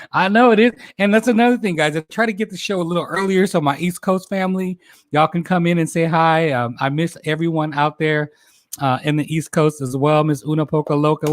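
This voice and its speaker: A man's voice: a little high, dry recording. A man in his forties hosting a casual livestream, chatting with viewers, laughing often and stumbling over his words. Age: 40s. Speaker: host.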